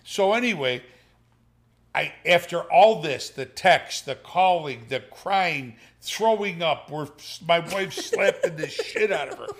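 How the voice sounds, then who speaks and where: A man's voice: on the high side, slow. An older man telling a family story in casual talk, swearing often and acting out the voices of people in it. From Sicilian family. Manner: animated, profane, acts out voices in the story.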